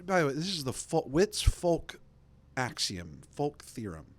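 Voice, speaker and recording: A man's voice: on the high side, very animated, unhurried. Sarcastic rambling male podcast host. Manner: rambling, sarcastic, lots of "like" and mocking impressions. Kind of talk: casual political rant.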